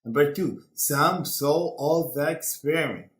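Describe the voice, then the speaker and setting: A man teaching an English lesson, slowly reading true or false statements and going through the answers. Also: a little high, roomy sound. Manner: slow, deliberate, quizzing students. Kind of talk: classroom lesson.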